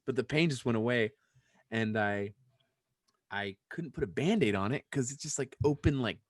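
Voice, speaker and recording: A young adult man co-hosting a podcast in casual chat, telling a story in an animated way and acting out the lines he quotes. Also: mid-range voice, normal speed, dry recording, clean studio sound. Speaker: podcast co-host.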